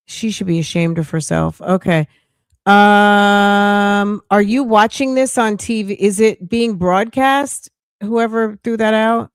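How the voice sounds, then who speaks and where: A woman's voice: mid-range voice, steady tone, slow, clear, resonant tone, dry recording. A middle-aged woman hosting a casual livestream, reading news aloud, reacting bluntly and greeting viewers by name with pet names. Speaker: livestream host.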